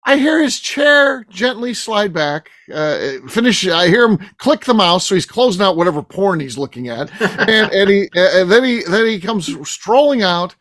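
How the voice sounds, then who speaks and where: Animated high-voiced man telling stories. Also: normal speed, few pauses, no echo. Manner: animated storyteller, swears freely. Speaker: podcast host. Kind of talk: casual roundtable chat.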